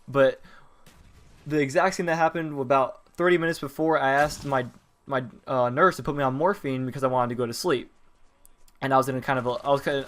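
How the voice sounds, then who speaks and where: A man's voice: mid-range voice, a bit bright. A teenage boy casually telling a personal story in a rambling way, with many fillers and restarts. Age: teens. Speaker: vlogger telling personal stories.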